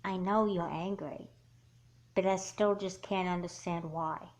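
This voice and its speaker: A woman voicing a calm, blunt teenage girl in a doll movie, asking pointed questions in a level way. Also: fairly low pitch, unhurried, natural voice. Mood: advising.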